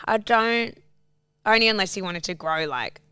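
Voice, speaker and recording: Bright, crisp chatty woman. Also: mid-range voice, expressive, normal speed, dry recording. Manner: chatty, swears freely, laughs often. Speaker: podcast co-host. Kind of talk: casual chat.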